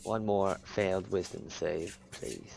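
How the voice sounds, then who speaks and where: Brief: man player, gravelly tone, impatient grumbler, faint hiss. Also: low-pitched, takes it slowly. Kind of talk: casual tabletop game chat.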